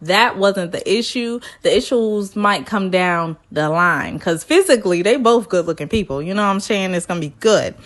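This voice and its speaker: A woman with a medium-pitched, slightly bright voice chats animatedly through a reality TV episode recap at a moderate pace, barely pausing. In this casual vlog, she acts out what the people on screen said using other voices.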